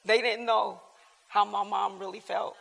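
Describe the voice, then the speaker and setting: A woman's voice: mid-range voice, unhurried, vocal fry. Laughing woman telling her story in a church hall. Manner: colloquial, laughing often, animated. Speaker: church member giving testimony at bible class. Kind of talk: personal testimony, casual storytelling.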